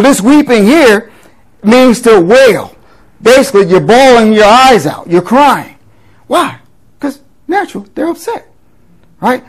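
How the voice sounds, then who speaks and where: A pastor reading scripture aloud and explaining it in a conversational teaching sermon, often checking in with a quick rhetorical question. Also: male voice, sits high, low-quality recording.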